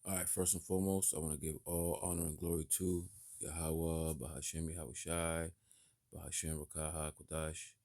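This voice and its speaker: A man teaching a religious lesson, greeting his congregation and commenting in a measured way. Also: rumbling low, mellow. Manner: measured, with "you know" and "right?" fillers. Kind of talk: sermon-like commentary.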